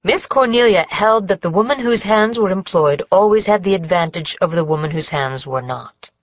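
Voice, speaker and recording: A woman narrating an audiobook in a measured, even storytelling manner. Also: on the low side, no echo, muffled recording. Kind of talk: scripted narration.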